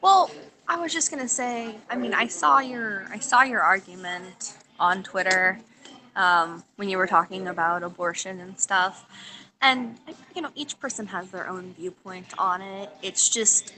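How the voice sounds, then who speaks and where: A woman calling into a livestream, speaking in a measured, careful way with fillers. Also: mid-range voice, sharp tone, rough recording. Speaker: caller on a livestream. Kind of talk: casual call-in discussion.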